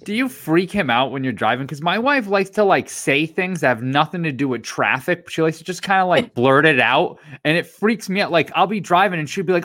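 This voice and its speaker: Bright, animated man co-host. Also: high-pitched, fast talker. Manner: animated, jokey storytelling. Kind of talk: casual chat.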